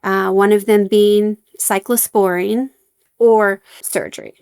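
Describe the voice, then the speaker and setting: A woman's voice: medium pitch, steady tone, takes it slowly, gravelly, a little mellow, clean tone, no room sound, studio quality. A young adult woman, a podcast guest, telling her story candidly with wry humor and many fillers.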